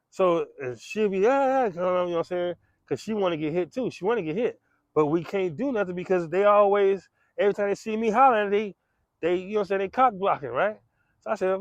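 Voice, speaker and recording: A man with a high-pitched voice spins a profane, slang-heavy street story in loose conversational style, acting out gunshots and other people's lines. The sound is dull and lo-fi, and close and dry with no room around it. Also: dry recording.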